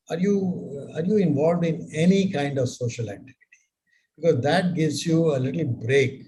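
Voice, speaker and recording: An older man giving business advice in a live mentorship session, speaking in a measured way with many rhetorical questions. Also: medium pitch, dark tone, low-quality recording.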